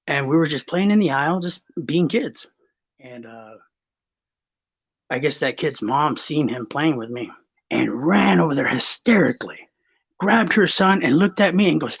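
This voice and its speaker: A man's voice: on the high side, lively intonation, moderate pace, vocal fry, husky. A man from Texas in casual podcast chat, telling stories with lots of swearing and restarts. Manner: rambling, swearing, storytelling. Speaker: guest. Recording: slightly muffled recording.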